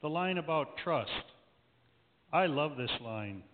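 A woman voicing a gentle unseen divine voice that directs a play, soft and lower than her own, asking kind, probing questions, heard in an echoey church over a tinny line. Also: expressive, slow, background noise. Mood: gently probing.

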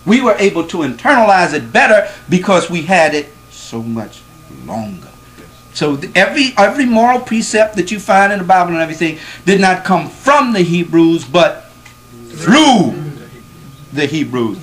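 Male lecturer, higher voice, emphatic, asks the room questions, repeats for stress. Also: very animated, brisk, a bit bright, slight background noise, poor audio. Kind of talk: classroom lecture to a live audience.

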